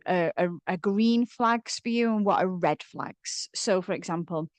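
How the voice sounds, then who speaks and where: A woman's voice: medium pitch, no room sound. A middle-aged woman coaching on relationships, talking earnestly to camera and often repeating words as she starts a sentence. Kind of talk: casual advice talk to camera.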